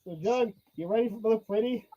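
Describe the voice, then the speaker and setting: A man's voice: high voice, fairly quick, highs cut off. A man hosting a casual live stream, joking and teasing while reading out viewer comments.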